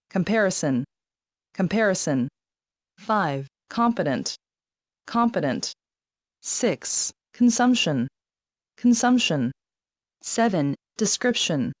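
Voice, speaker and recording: Female reader for word-list dictation, low voice, very slow, dull muffled sound. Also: darkish tone, no room sound. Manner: reads each word twice, evenly and deliberately. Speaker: vocabulary test reader.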